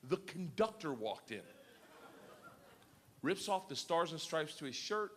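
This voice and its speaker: A man doing stand-up, telling a wild story loudly and laughing through his punchlines. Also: on the high side, expressive, measured pace, pauses often. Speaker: stand-up comedian.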